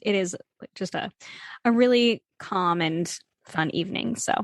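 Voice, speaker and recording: A woman, hosting a casual podcast interview, chatty and quick to laugh. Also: medium pitch, dry recording, studio quality. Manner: bubbly, laughs often, many fillers. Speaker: podcast host.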